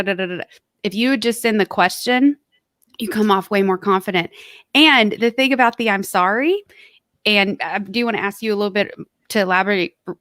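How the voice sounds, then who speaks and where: A woman's voice: medium pitch, a bit bright, no echo, studio quality. A woman co-hosting a motivational podcast, talking casually and offering practical advice in an earnest way. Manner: earnest, gives practical tips. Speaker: podcast co-host.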